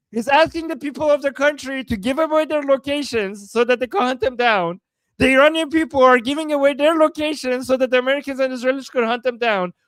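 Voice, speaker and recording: A man's voice: very high voice, a bit bright, dry recording, low-quality recording. A man co-hosting a live stream, talking casually and sounding emphatic and incredulous, with frequent exclamations. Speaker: livestream co-host.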